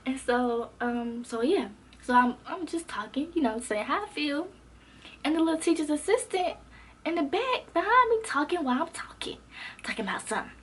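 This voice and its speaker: Animated young woman telling a story. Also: sits high, moderate pace, a little hiss or hum. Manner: animated, expressive, slangy, acts out quotes. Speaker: vlogger. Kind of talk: casual storytime.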